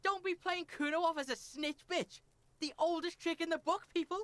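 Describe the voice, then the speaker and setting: A woman's voice: extremely high pitch, steady tone, moderate pace, a crowd in the background. A woman voicing a cocky, foul-mouthed street kid boy in a game, brash and swaggering. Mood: defiant. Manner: brash, swaggering, swears constantly. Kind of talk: game voice acting.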